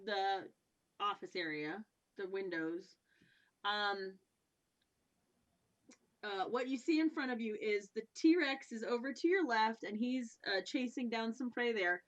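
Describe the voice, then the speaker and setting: A woman running a tabletop game as game master, narrating haltingly with many fillers. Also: on the high side, lo-fi sound.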